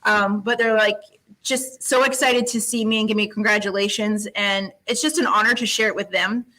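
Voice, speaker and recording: A woman's voice: mid-range voice, fairly even intonation, normal speed, pushed and bright, low-quality recording. A woman guest who teaches science, chatting in an interview with an upbeat, storytelling manner and frequent laughs. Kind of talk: casual interview chat.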